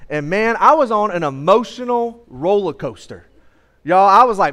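High-voiced young preacher with twang. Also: male voice, animated, moderate pace, fairly bright tone. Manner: casual conversational preaching with many fillers. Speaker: preacher on church staff. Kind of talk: sermon. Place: church sanctuary.

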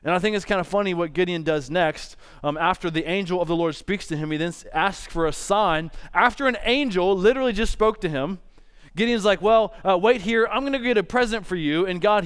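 A man with a high, smooth voice delivers a sermon. He retells the story in a relaxed, joking manner, tossing in quick asides as he goes. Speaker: preacher.

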